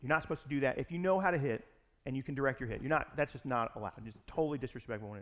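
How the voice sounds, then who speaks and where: A pastor telling a personal story in a sermon, in an animated, conversational way. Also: male voice, medium pitch, very fast.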